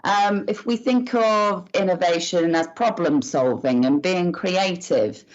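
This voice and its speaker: A woman's voice: fairly low pitch, unhurried, hardly any pauses. A woman on a panel, joking in casual banter and laughing between phrases, over a video call. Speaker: panel guest. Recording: muffled video call audio.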